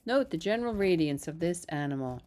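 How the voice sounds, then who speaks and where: A woman's voice: lowish voice, fairly quick. Woman reading a children's book aloud. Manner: steady, even narration with small slips. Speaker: reader. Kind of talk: storybook read-aloud.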